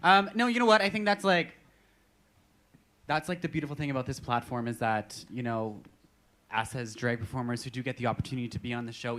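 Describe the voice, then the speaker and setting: Drag guy on a panel talking earnest and thoughtful, lots of you know. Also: mid-range voice. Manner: earnest and reflective, many "you know" fillers. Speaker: drag performer on a viewing-party panel. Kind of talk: casual chat.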